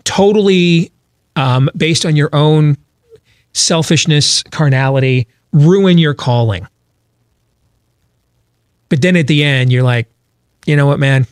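Emphatic talk host, dry close mic. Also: male voice, fairly high pitch, slow pace, long pauses, no room sound. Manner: emphatic, rhetorical questions, frequent restarts. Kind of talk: political talk show commentary.

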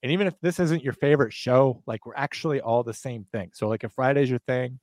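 This co-host talks fast in a darkish, mid-range voice, reading podcast ads with tongue-in-cheek, exaggerated sales enthusiasm. It's casual and jokey, captured on a dry recording.

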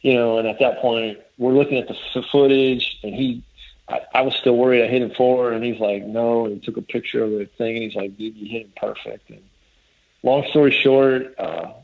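Guy rambling thru a story, mid pitch, keeps restarting, kinda muffled lo-fi audio. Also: steady tone, fairly quick. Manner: rambling, restarts often, quotes others in his story. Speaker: guest telling a hunting story. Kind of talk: casual spoken storytelling. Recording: dull lo-fi audio.

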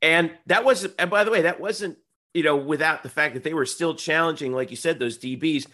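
A man co-hosting a casual sports podcast, talking haltingly with many fillers and restarts. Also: on the high side, sharp tone.

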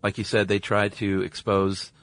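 A man's voice: on the low side, level tone, moderate pace, a bit bright, no room sound. A man co-hosting a podcast, chatting in an easygoing way with short agreements and fillers. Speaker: podcast co-host. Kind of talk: casual chat.

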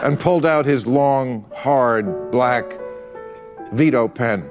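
A man's voice: mid-range voice, slow pace, music in the background. A man hosting a late-night show, delivering a punchy comic monologue and laughing at his own jokes, in a television studio with a live audience. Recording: studio audience and room noise.

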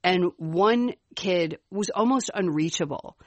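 Lower-voiced woman with a Chicago accent. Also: slow, no room sound. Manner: steady, explanatory storyteller. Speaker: podcast co-host. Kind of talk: casual parenting chat.

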